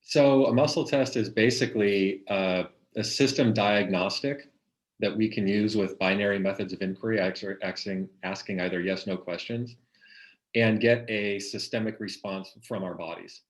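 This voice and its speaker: A man's voice: fairly low pitch, fairly even intonation, moderate pace. A man guest in an interview, explaining his ideas thoughtfully with frequent restarts.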